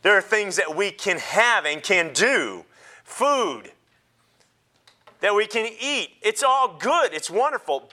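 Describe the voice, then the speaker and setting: A man pastor preaching a sermon in an animated way, joking and laughing with the congregation. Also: high-pitched.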